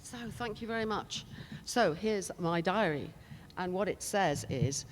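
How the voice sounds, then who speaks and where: A woman's voice: lowish voice, lively intonation, unhurried, hardly any pauses, a little hiss or hum. An older British woman on a conference stage, telling chatty anecdotes with asides into a handheld mic. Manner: chatty, storytelling with laughs and asides. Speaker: conference panelist. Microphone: handheld microphone.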